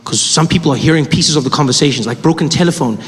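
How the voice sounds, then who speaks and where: A man telling a stand-up story on stage, lively, acting out the people he describes. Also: fairly high pitch, fast. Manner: animated, acts out every character. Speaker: stand-up comedian. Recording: noisy live show with long reverb.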